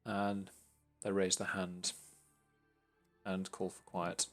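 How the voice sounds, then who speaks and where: A man narrating a tabletop game as game master, pausing often with hesitant fillers. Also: low-pitched, monotone, faint music behind. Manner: hesitant, filler-heavy descriptions.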